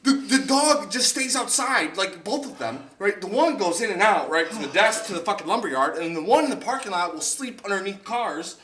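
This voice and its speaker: With a high voice that runs a little fast and hardly pauses, a young man hosts a podcast from a distant mic in an echoey room, slightly off-axis. He's telling a long, crude story casually and animatedly, voicing the other characters himself.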